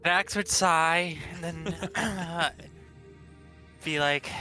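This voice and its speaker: A man's voice: on the high side, steady tone, extremely slow, long pauses, pushed and bright, faint music behind. A man playing a tabletop game, casually describing what his character does. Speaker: player.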